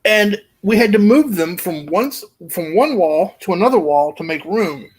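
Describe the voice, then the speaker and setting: A man's voice: sits high, normal speed, a little hiss or hum. A man telling a long, rowdy anecdote in casual chat and laughing along as he goes. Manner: animated storyteller, laughing through his own anecdote. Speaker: guest storyteller.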